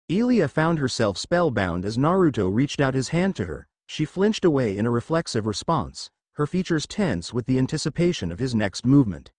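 A man's voice: mid-range voice, a little mellow, dry recording. A man reading fan fiction aloud as a narrator, telling the story expressively. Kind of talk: scripted fanfic narration.

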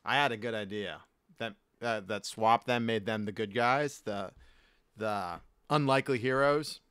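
East coast podcast dude, bright clear voice, dry close mic, keeps cracking jokes. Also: male voice, lowish voice, a little slow, no echo. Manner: jokey, laughs often, does silly voices. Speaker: podcast co-host. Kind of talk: casual podcast banter.

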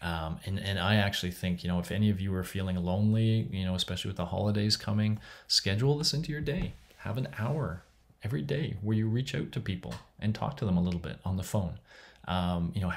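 A man's voice: low-pitched, fast, creaky. A middle-aged man giving a casual recorded lecture from home, talking in a conversational, rambling way. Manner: conversational, rambling with restarts and soft laughs.

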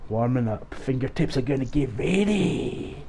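A man's voice: mid-range voice, animated, moderate pace, noisy background. A young Scottish man giving live, rowdy, swear-filled commentary on his game stream. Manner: sweary, rowdy banter with the chat. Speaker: gaming streamer.

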